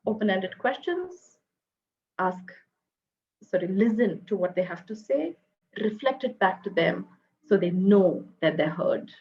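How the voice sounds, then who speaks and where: Gentle woman with an Indian English accent. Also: mid-range voice, expressive, highs cut off. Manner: gentle, measured, models phrases to say to children. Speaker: parenting speaker. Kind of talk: parenting talk.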